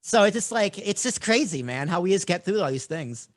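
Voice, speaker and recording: A man's voice: high-pitched, big pitch swings, brisk, no room sound, studio quality. A man in his thirties with a Boston accent, hosting a podcast interview in a brash, blunt, casual way. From Boston, USA. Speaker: podcast host. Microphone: studio microphone.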